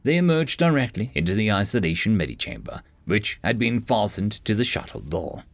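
Male storyteller with a lively, gravelly read and no room sound. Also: on the low side, a little fast, dry recording. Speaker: narrator. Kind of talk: audiobook narration.

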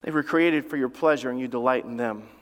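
A man's voice: medium pitch, fairly quick. A middle-aged man preaching a sermon as pastor, telling family stories in a conversational way and building to strong emphasis. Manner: conversational storytelling with laughs and rising emphasis. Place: church sanctuary. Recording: long reverb of a large hall.

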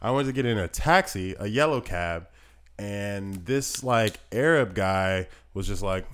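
A man chatting casually with a friend, telling stories in an animated, slangy way. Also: lowish voice, a little slow, smooth. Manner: animated storytelling, swearing, slangy. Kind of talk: casual chat.

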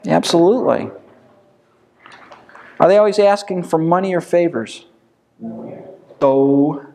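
A man with a slightly raised pitch teaches a small Bible study group in an easy, conversational way. He poses rhetorical questions one after another and answers them himself, as a teacher talking with his class. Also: takes it slowly, vocal fry, mellow, slight background noise. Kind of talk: informal Bible study lesson.

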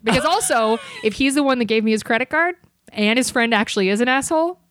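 A woman telling bartending stories as a guest in a casual podcast chat, animated, with quick asides. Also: a little high, slight background noise. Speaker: podcast guest, bartender and comedy club server.

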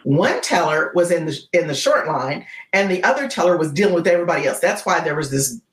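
A woman guest on a podcast interview, telling a dramatic story in an animated way and often checking in with "right?". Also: lowish voice, fairly quick. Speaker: guest, keynote speaker. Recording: roomy echo.

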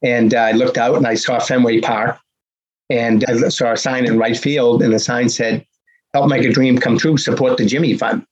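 Older man from the Boston area telling his story as a guest: punchy, repetitive, slightly raspy. Recording is muffled and lo-fi. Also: medium pitch, level tone, moderate pace. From Boston area, USA. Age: 60s. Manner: acts out dialogue, punchy repetitions. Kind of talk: animated storytelling. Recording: dull lo-fi recording.

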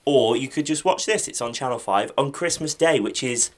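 A man's voice: mid-range voice, moderate pace. A man hosting a podcast in casual chat, enthusiastically recommending shows. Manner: enthusiastic, plugging TV picks. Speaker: podcast host.

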